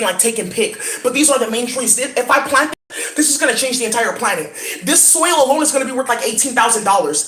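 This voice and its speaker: Excitable woman in an echoey room. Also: fairly high pitch. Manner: excitable, rambling, intense. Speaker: spiritual reader. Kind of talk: casual vlog. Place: at home indoors.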